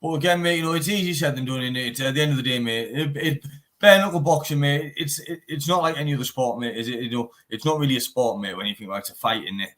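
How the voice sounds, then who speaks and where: A man's voice: medium pitch, fast talker, fairly bright tone. A young man with a Teesside accent, a bare knuckle fighter talking bluntly in a casual interview, swearing often and saying "mate" in nearly every sentence. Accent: Teesside English. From England.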